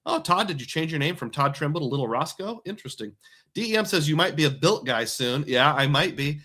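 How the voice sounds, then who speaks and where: A man's voice: on the high side, lively intonation, brisk, a bit bright. A man hosting a live stream, chatting casually and rambling as he reads viewer comments aloud. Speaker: livestream host.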